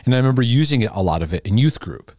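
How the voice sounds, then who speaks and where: A man's voice: medium pitch, lively intonation, racing, a little mellow, no room sound, clean studio sound. A middle-aged man, a host and former youth pastor, talking casually and reflectively to a camera, often repeating himself, restarting phrases and chuckling. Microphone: camera in front of him.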